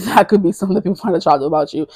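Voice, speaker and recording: A woman's voice: lowish voice, very fast, darkish tone, slightly rough, no room sound. A woman in her twenties giving a casual tarot reading to camera, rambling, correcting herself and giggling. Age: 20s. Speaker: tarot reader.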